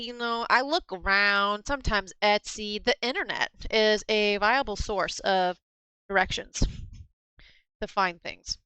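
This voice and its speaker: Bright, blunt woman streamer. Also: mid-range voice, expressive, moderate pace, clean tone, no room sound, rough recording. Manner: blunt, laughs often, swears casually. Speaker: streamer and craft vendor. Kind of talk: casual live-stream chat.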